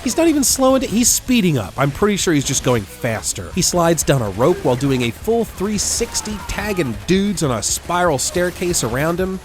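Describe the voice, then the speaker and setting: Wry, animated male film reviewer. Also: medium pitch. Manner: wry, jokey, self-deprecating. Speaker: film review video host. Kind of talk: casual comedic commentary.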